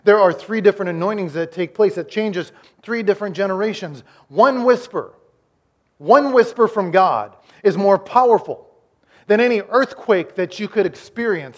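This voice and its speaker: A pastor delivers a sermon in a fairly high-pitched male voice. He pushes some lines hard and loud, then drops to slow, hushed phrases. He often repeats and restarts his words as he preaches. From Iowa, United States. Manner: preaching with dramatic shifts between loud emphasis and quiet, slowed lines.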